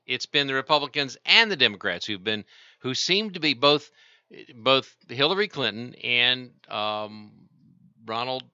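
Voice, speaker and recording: Male talk-radio host, explanatory and rambling, crisp tone, dry sound. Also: medium pitch, animated, a little slow, bright, forceful tone, no room sound, lo-fi sound. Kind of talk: call-in radio talk about markets.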